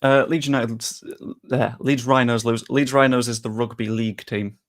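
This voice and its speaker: A man's voice: medium pitch, steady tone, moderate pace. Young british guy rambling on his live stream, casual and jokey. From United Kingdom. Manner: chatty, rambling, self-deprecating. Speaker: streamer and host.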